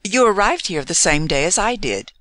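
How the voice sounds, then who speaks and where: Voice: mid-range voice, very animated, moderate pace, dry recording, clean studio sound, pitched above the performer's own voice. A reader voicing a proud, self-reliant young Englishwoman who speaks lightly and firmly, in an audiobook reading. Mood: teasing. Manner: lightly teasing, bright.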